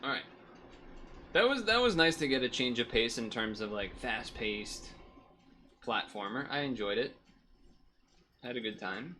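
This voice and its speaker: A man talks casually to his stream audience, rambling and correcting himself as he goes. He is hot and sweaty, his voice sitting at an ordinary middle pitch. A faint hum of room noise sits behind him. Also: normal speed, pauses often. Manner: rambling, self-correcting, relaxed.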